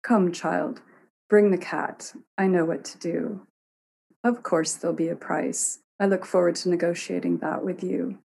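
A woman voicing a calm, wild-haired goddess who speaks with amused assurance. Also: fairly low pitch, unhurried, creaky, slight background noise.

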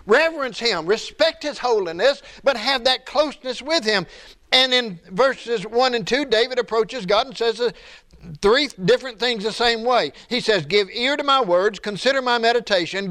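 A pastor delivers a sermon in a high-pitched, conversational voice. He moves between quiet asides and raised, pleading emphasis as he speaks to his church. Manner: conversational preaching, rises and drops in pitch for emphasis.

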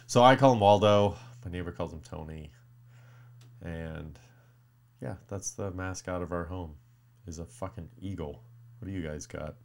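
A man's voice: sits low, moderate pace, pauses often. A young man casually telling a rambling, profane story to his viewers, dropping into muttered whispered curses.

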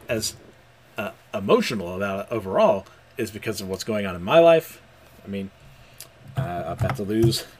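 A young man casually recapping manga chapters, animated and hesitant, with frequent chuckles and fillers. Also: mid-range voice, slight background noise. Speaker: manga reviewer.

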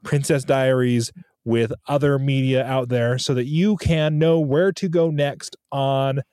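A man's voice: medium pitch, steady tone, measured pace, warm tone, smooth, dry recording, clean studio sound. A man hosting a casual podcast, wrapping up the episode and previewing the next one. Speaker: podcast host. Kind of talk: casual chat.

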